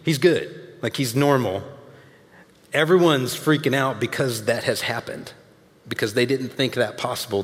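A man preaching a sermon in a conversational, emphatic way with casual asides, speaking to a church audience. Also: mid-range voice. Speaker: pastor. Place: large church hall with audience. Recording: long hall reverb.

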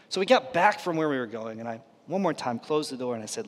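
Storytelling pastor in a reverberant hall. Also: male voice, on the high side, a little fast, few pauses. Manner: storytelling, dropping to a hush for quoted lines. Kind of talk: sermon. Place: church auditorium.

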